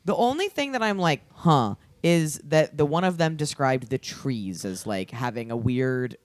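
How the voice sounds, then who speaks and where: Animated, giggly woman podcaster. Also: sits low, unhurried, no room sound. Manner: excitable, laughs often, builds theories out loud. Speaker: podcast co-host. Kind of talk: casual chat.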